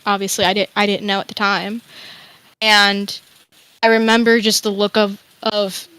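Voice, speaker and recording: A woman's voice: medium pitch, little pitch movement, moderate pace, pushed and bright, smooth, no echo, rough recording. A young woman guest telling a candid, rambling personal story, sometimes swearing. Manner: rambling, emotional, swears freely. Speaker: interview guest.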